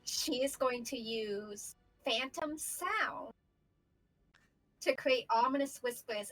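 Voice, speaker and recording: Higher-voiced woman describing her character's moves. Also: slow pace, a bit bright, soft background music, poor audio. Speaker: player. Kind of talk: casual tabletop game talk.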